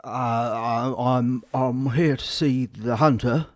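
A woman's voice: very deep voice, fairly even intonation, slow pace, no room sound, studio quality, voice pushed down. A woman voicing an anxious middle-aged male mayor who stammers and hesitates. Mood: nervous. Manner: nervous, stuttering, hesitant.

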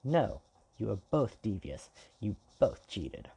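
A fierce, indignant young fairy in a fairy-tale reading, voiced by a man. Her lines rise a little and get louder over a low, dark, rough base. She accuses boldly. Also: big pitch swings, slow, heavily acted.

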